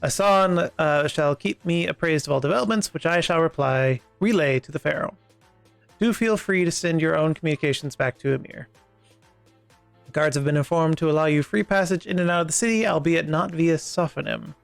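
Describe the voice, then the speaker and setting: A man reading a courteous male city guide's formal lines in a slow, stately way. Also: fairly high pitch, vocal fry, clean tone, no room sound, soft background music.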